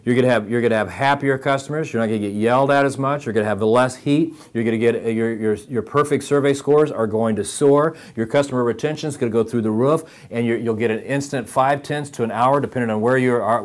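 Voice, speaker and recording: Guy doing a pep-talk podcast for service advisors, punchy and repeats himself a lot, mid pitch. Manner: emphatic, direct, repeats phrases for emphasis.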